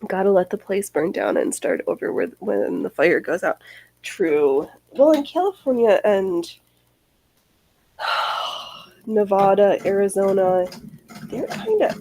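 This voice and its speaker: Mellow-voiced woman chatting with her stream. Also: medium pitch, very animated, slow, long pauses, poor audio. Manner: rambling, reacts to chat comments, swears freely. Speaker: livestream host. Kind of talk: casual chat.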